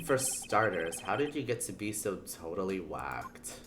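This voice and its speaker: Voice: low voice, big pitch swings, normal speed, hardly any pauses, fairly bright tone, a little hiss or hum. A streamer giving casual commentary while playing a game, chatty and joking in reaction to the story.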